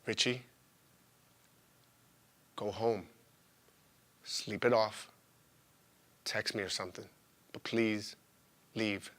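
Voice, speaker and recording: A man's voice: fairly low pitch, fairly even intonation, extremely slow, pauses often, a bit bright, pitched below the performer's own voice. A man voicing a weary, exasperated young woman who is his ex-girlfriend, blunt and profane. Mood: weary hushed.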